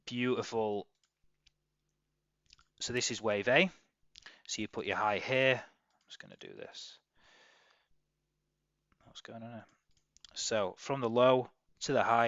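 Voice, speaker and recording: A man rushing through a screen-share market analysis, rambling, correcting himself and swearing casually. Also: lowish voice, fairly bright tone, no room sound, highs cut off. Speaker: trader.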